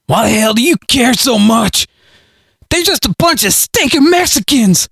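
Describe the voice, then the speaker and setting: A vicious hillbilly man, cornered and panicky, screeching in a shrill, very high voice. His pitch leaps and swings wildly, with a husky edge over a dry, close sound. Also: expressive, normal speed, fairly bright tone, no room sound, exaggerated voice. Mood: shrieking.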